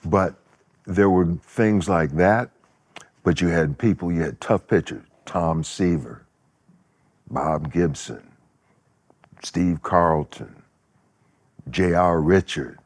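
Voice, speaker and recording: Speaking slowly with long pauses in a deep voice, this seventy-something interview guest is an animated storyteller. He acts out the quotes and laughs along during the casual chat.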